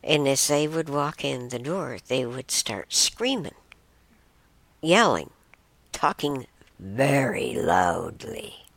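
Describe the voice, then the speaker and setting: A woman's voice: a bass voice, very animated, slow, vocal fry, dry recording. A woman hosting a show, casually telling a personal story in a rambling way, often restarting and correcting herself. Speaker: show host.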